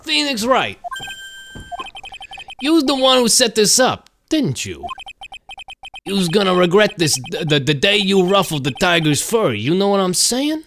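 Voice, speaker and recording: A man's voice: high voice, very animated, measured pace, creaky, pauses often, fairly bright tone, heavily acted. A man voicing a hot-tempered male thug with growling tough-guy talk. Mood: aggressive. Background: game music.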